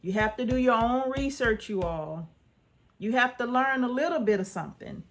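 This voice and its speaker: Earnest, higher-voiced woman homesteader. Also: expressive, moderate pace. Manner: earnest, repeats points with tag questions; informal, folksy speech. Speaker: homestead vlogger. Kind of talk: casual advice to viewers.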